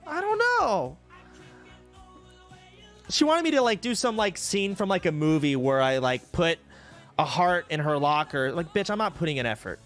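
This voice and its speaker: A man's voice: fairly high pitch, big pitch swings, fairly quick, fairly bright tone, soft background music. A young man streaming from home, telling old stories in a casual, profane, sarcastic way into a desk mic. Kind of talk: casual storytelling to a live stream audience.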